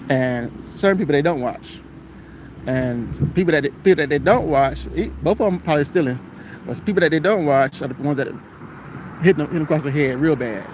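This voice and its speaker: A bus driver telling a rambling story on a live stream, repeating himself and greeting viewers as they join. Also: male voice, mid-range voice, noisy background. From Florida, United States.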